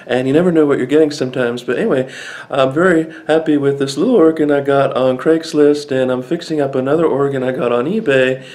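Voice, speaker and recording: A man's voice: mid-range voice, fairly even intonation, brisk, a little mellow, rough recording. A man talking casually in a vlog, rambling with lots of fillers as he shows off a small vintage organ. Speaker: vlogger showing an instrument. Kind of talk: casual show-and-tell vlog. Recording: organ playing in the background.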